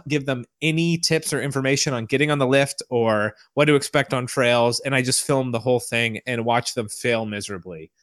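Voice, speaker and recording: Brief: man, podcast co-host, relaxed storyteller, middle pitch. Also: no echo, clean studio sound. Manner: laid-back, laughing storyteller. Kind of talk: casual podcast chat.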